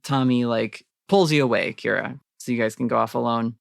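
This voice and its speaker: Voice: mid-range voice, fairly even intonation, a little fast, vocal fry, dry recording, clean studio sound. A game master narrating a tabletop role-playing scene in a casual, filler-heavy way.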